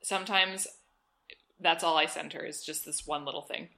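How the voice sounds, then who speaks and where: A woman co-hosting a podcast, talking in a thoughtful, halting way with many restarts. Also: low voice, steady tone, gravelly, pushed and bright. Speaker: podcast co-host. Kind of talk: casual chat.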